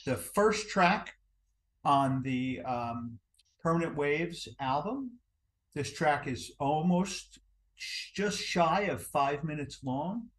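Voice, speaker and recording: A man with a New Jersey accent co-hosting a music podcast, calmly reciting album facts in a casual chat with halting fillers. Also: on the high side. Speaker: podcast co-host.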